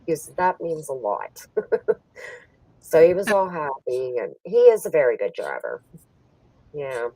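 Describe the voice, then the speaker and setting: A middle-aged woman tells a story in easy chat, laughing as she goes. Her voice sits low but swings widely, with a slightly husky edge. She is a little off-mic in a dry space. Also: a little slow, long pauses, no room sound, recorded from a distance, poor audio. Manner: laughs often, chatty and animated when telling stories. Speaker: poker stream co-host.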